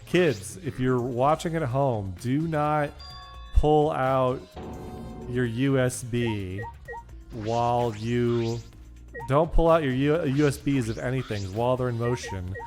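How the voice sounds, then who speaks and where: A man's voice: medium pitch, slow pace, darkish tone, soft background music. A young man streaming a video game from his home setup, ranting and swearing at himself in casual, self-mocking commentary.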